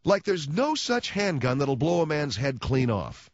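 A man hosting a radio talk show, delivering a mock-solemn, sarcastic announcement in a deadpan way into a studio microphone. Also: on the high side, measured pace, dry recording, highs cut off. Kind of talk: sardonic radio monologue.

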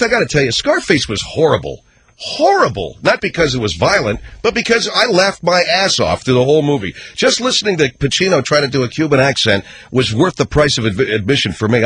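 This talk radio host offers opinionated commentary in a ranting, sarcastic style. His delivery alternates between loud outbursts and quiet mutters.

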